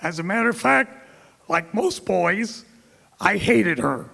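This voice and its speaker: A middle-aged man from Florida tells stories from a podium in a slow, measured way. His fairly high voice has a gravelly edge. The sound rings with the long echo of a big hall. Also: expressive, sharp tone. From Tampa, Florida. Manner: anecdotal, quotes others in dialogue. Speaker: keynote speaker. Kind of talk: storytelling speech. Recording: reverberant hall.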